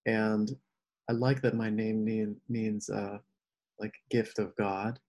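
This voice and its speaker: Guy telling a story on a podcast, lively, does the voices of people he met. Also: on the low side, slow. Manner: animated, acts out quoted voices. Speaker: podcast guest. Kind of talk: casual storytelling.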